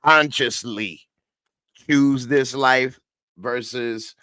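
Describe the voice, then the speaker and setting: A man's voice: mid-range voice, drawn-out words, bright, forceful tone. A man reviewing a TV episode in casual live-stream chat, tired and laid-back, reading viewer comments. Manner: laid-back, slangy, tired late at night. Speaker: TV show reviewer.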